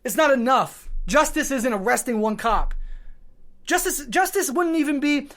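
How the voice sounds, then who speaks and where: A man hosting a podcast launches into a heated political monologue, swearing freely and building his points through rapid, repeated clauses. He sounds raw and worn out from lack of sleep, his emotions barely held in check. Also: very high voice, expressive, fairly bright tone. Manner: fiery, swearing, emphatic, speaking in repeated short clauses. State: emotionally worked up and short on sleep. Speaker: podcast host.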